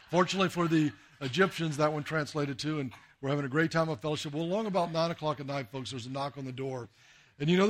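A man from the United States, a missionary preacher, telling a folksy story in a sermon and acting out the dialogue. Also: fairly high pitch.

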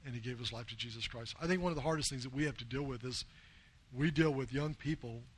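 A man's voice: medium pitch, quick pace, breathy edge. A man from the United States preaching a sermon as a missionary, telling earnest stories and quoting people in his own plain voice.

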